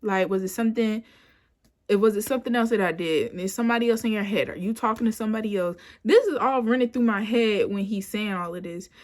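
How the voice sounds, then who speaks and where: A young woman in her twenties chats through a personal story, rambling and loose, leaning on filler words. Her voice sits at an ordinary middle pitch. It is caught on a phone camera indoors at home. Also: fast. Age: 20s. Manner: chatty, rambling with frequent "like" and "you know"; animated when quoting herself. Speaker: vlogger. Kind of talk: casual storytime.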